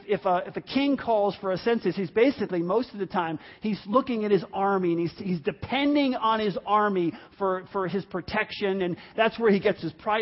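High-voiced pastor preaching conversationally. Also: male voice, lo-fi sound. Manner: conversational, repeats words, acts out quoted people. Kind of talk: sermon.

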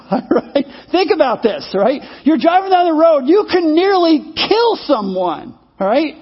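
A man's voice: very high-pitched, big pitch swings, measured pace. A man preaching a sermon in a conversational way, asking his listeners questions and often repeating words as he goes. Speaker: pastor. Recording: dull lo-fi sermon audio.

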